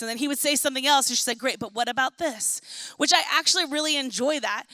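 A young woman with a high, bright voice delivers a sermon as if chatting with her congregation, slipping into lively little voices for the figures in the story. The sound is close and dry, with no room echo. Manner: conversational and animated, acting out Bible figures. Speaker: pastor.

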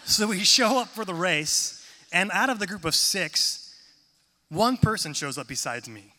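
Bright-voiced male preacher in a hall. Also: high voice, measured pace. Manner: self-deprecating, conversational, animated when telling stories. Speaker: pastor. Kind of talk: sermon with humorous storytelling. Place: church hall. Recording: long reverb of a large hall.

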